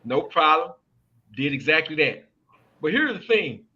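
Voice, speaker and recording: A middle-aged man hosting a casual sports talk show, telling animated stories with laughs and loose slang. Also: fairly high pitch, measured pace, slightly rough. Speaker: show host. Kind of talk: casual storytelling chat. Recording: dull lo-fi sound.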